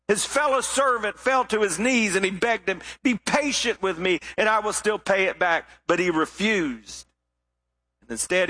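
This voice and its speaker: Male preacher, bright, high voice, storytelling sermon with quiet emphatic drops. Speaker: pastor.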